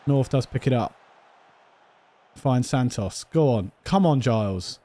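A man commentating his own football management game, thinking aloud, talking to himself and rising in pitch when exasperated. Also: lively intonation, a little slow, pauses often, dark tone. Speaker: gaming video host.

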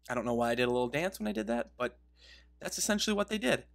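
A man's voice: medium pitch, sing-song, racing, a bit bright. Rambling male gamer telling a story. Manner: rambling, self-interrupting, laughs at his own story. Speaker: game video creator. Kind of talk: casual gaming commentary with storytelling.

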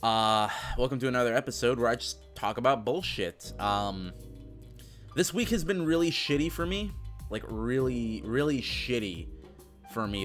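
A man's voice: medium pitch, expressive, moderate pace, faint music behind. A young man ranting casually in a vlog, swearing a lot, with an exasperated, sarcastic manner. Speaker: vlogger.

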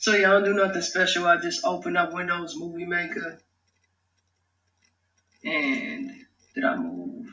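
A man's voice: high-pitched, unhurried, long pauses, sharp tone, distant mic. A man casually talking through how he makes his own rap song, loose, slangy and profane. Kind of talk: casual vlog talk-through. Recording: echoey room, off mic, music behind. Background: his beat playing.

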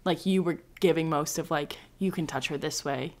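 A young woman hosting a podcast, telling stories in a blunt, animated way in casual chat. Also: deep voice, moderate pace. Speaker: podcast host.

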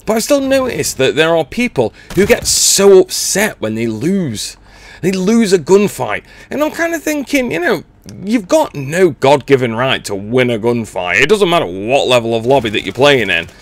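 A middle-aged man rants bluntly over his gameplay and swears freely. His voice sits a little high for a man and leaps up and down in pitch. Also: sing-song, moderate pace. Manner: sweary, blunt, exasperated ranting. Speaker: gaming channel host. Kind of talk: ranting gameplay commentary.

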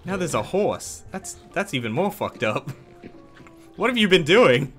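A man streaming a multiplayer game, laughing often and swearing loudly as the action swings. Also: fairly high pitch, very animated, a little slow, soft background music. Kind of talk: casual gaming stream chat.

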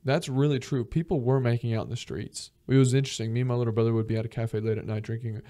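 A young man hosts a casual podcast and spins a loose travel story, swearing freely and breaking into laughter as he acts out the people he met. His voice is mellow and relaxed, sitting at an ordinary middle pitch for a man. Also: fast talker. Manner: animated and profane, laughs often, acts out quotes. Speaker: podcast host.

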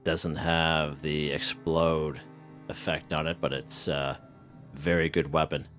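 A man casually commenting on his own gameplay in a relaxed, rambling way, chuckling often. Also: extremely low pitch, slow pace, faint music behind. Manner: relaxed, chuckling, lots of fillers and restarts. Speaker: gaming channel host.

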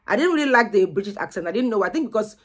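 A woman's voice: medium pitch, animated, racing. A young woman, vlogging casually to camera and chatting in a loose, repetitive way. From Nigeria. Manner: chatty, repeats words as she goes.

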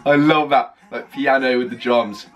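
A man reacting to an album on a first listen, gushing and excitable, stopping often to rave about what he hears. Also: mid-range voice, normal speed. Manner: gushing, excitable, full of "oh my God" and "like". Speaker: music reaction vlogger. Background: faint music playing.

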